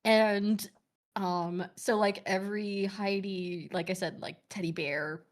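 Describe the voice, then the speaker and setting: A woman in her thirties chatting casually as a guest on a streamer talk show. Her voice sits at an ordinary middle pitch. She rambles with plenty of fillers and breaks into laughter often. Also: steady tone, takes it slowly. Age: 30s. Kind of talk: casual chat.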